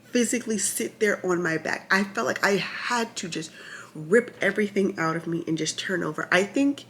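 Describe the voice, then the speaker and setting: A woman vlogger telling the story of her labor in a chatty, animated way, full of asides and restarts, sometimes checking her notes. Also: fairly low pitch, slight background noise. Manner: reads from notes at times. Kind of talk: casual storytelling to camera.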